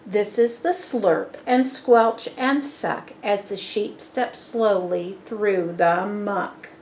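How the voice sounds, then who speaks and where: A woman reading a picture book aloud to young children, pausing to ask which words rhyme and praising answers. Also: mid-range voice, darkish tone, slight background noise. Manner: patient, praising, asks questions. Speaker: storybook reader. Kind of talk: children's read-aloud with rhyming quiz.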